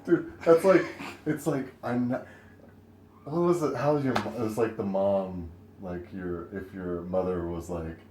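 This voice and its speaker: A man's voice: fairly low pitch, unhurried, darkish tone. A young man in a casual podcast chat, teasing his friend with dry ribbing. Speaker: podcast co-host. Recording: echoey room with faint noise.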